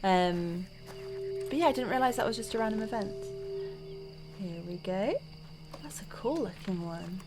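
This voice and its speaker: A woman's voice: medium pitch, animated, normal speed, long pauses. Chatty woman doing gameplay commentary. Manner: chatty and rambling, thinking aloud. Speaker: let's play gamer. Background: game music and horse hooves.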